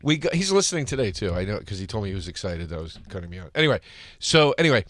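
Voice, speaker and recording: Male podcast host, bright edge, laughing, profane storyteller. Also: lowish voice, very fast, no echo. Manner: laughing, profane, animated anecdote telling. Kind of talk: casual storytelling chat.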